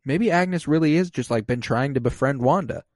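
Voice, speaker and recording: A man on a casual podcast, recapping an episode and acting out quoted lines with sudden jumps in pitch. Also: normal speed, a little mellow, no room sound. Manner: recaps plot, acts out quoted lines in a raised voice.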